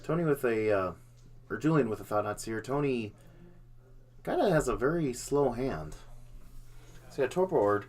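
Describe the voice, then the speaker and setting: A man's voice: mid-range voice, expressive, moderate pace, long pauses, a little mellow. Joking male card-game commentator. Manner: casual, jokey, hums sound effects. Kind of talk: live play-by-play commentary.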